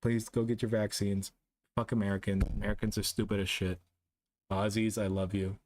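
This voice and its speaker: A Canadian man streaming live, reading chat and ranting about vaccines, exasperated and profane, swinging between loud outbursts and low muttering. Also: level tone, brisk, a little hiss or hum. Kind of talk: casual livestream chat.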